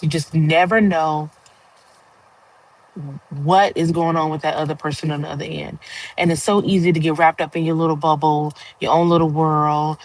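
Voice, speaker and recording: A woman's voice: low-pitched, poor audio. Earnest woman chatting on a livestream. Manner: earnest, rambling, laughs often, addresses viewers as y'all. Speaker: livestream host. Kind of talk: casual heartfelt monologue.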